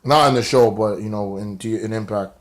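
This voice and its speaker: A man's voice: lowish voice, brisk. A man giving a casual, profane, slang-heavy recap of a television show. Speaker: show reviewer. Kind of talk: casual video review.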